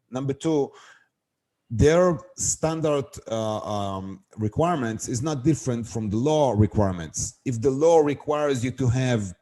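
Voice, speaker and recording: A man's voice: mid-range voice, mellow. A middle-aged man, a guest on an interview show, telling a business story and acting out the dialogue as he goes. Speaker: guest, wholesale seller.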